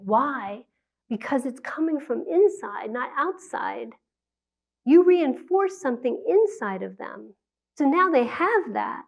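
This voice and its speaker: A woman giving a conversational public talk on parenting, acting out quotes from parents and children. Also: a little high. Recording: dull lo-fi sound.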